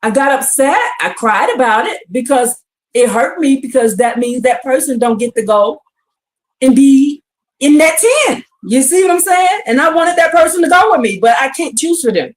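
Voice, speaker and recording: Animated woman teaching scripture in an echoey room. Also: high-pitched. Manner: animated and exclamatory, reads verses then asks the audience questions. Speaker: Bible teacher on a live stream.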